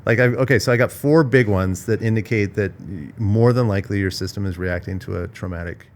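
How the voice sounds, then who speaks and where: Slight background noise accompanies a fairly low-pitched man speaking briskly as he hosts a podcast in a villa in Bali. The conversation is casual and reflective, with him thinking aloud in a searching way, often restarting and repeating himself.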